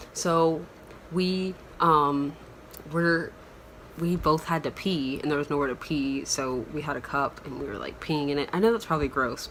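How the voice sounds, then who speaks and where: A young woman from Florida vlogs a casual story to the camera, chatty and rambling and packed with "like." Her voice is deep yet a bit bright, with a little hiss or hum in the background.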